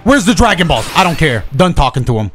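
Excitable high-voiced male gamer. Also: fast, soft background music. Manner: excitable, profane, talks to himself and laughs. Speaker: streamer. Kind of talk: casual gameplay commentary.

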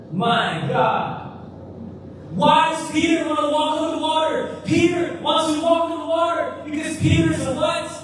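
A male pastor preaching an energetic sermon with call-and-response, exclamations, and swings from shouts to hushed lines, in a church sanctuary. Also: extremely high pitch. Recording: echoey church hall, distant mic, noisy.

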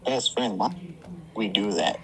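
A woman in a comic improvised role-play chat, making casual, deadpan asides. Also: very deep voice, unhurried, slightly rough.

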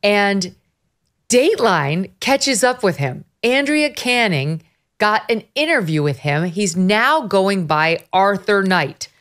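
Animated woman podcast host. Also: medium pitch. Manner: animated storytelling, quick asides. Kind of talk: casual podcast commentary.

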